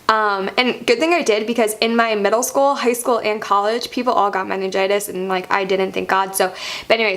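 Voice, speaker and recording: A young adult woman vlogger telling a storytime monologue in an animated way, full of "like" fillers. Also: fairly high pitch. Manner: animated, heavy use of "like" fillers.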